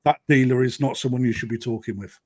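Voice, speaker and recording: A man's voice: mid-range voice, steady tone, fast, darkish tone. A man, a koi dealer, talking bluntly on a live-stream chat and tagging points with "right?". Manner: blunt, emphatic, keeps adding "right?".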